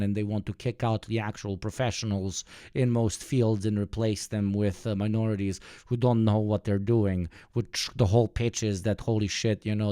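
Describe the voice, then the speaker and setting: A man's voice: lowish voice, warm tone, smooth, no room sound, clean studio sound. A man streaming live, reacting to a clip with joking, profane commentary. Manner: joking, profane, mock-dramatic asides.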